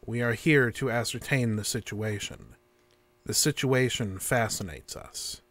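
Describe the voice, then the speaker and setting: An actor playing a calm, stiff male interrogator who speaks in flat, formal, repetitive phrases in an audio drama. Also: mid-range voice, a little slow, no room sound, close to an everyday voice.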